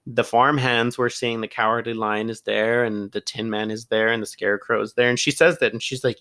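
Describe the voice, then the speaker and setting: A man's voice: medium pitch, steady tone, normal speed, a bit bright. A young man co-hosting a film podcast, retelling a movie plot in a loose, chatty way with casual swearing. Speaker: podcast co-host. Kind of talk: casual chat.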